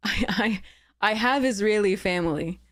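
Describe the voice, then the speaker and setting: A woman's voice: mid-range voice, measured pace, fairly bright tone. A woman game streamer chatting live with her viewers, earnest and heated, often stopping to apologize.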